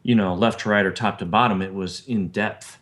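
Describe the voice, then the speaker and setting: A man with a lowish voice joins a casual movie podcast, halting and repeating words while he works out his point. He speaks plainly and without hurry. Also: steady tone, a bit bright. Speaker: podcast co-host. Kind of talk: casual film discussion.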